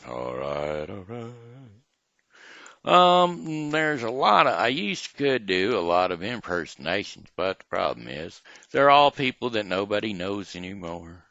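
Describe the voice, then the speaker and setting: A man's voice: on the low side, sing-song, unhurried, vocal fry, bright, forceful tone, no echo. A man hosting his own daily show, chatting in a rambling, hesitant way full of fillers and reading a children's story, with a dull lo-fi sound. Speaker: host of a daily home show. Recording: dull lo-fi, dry.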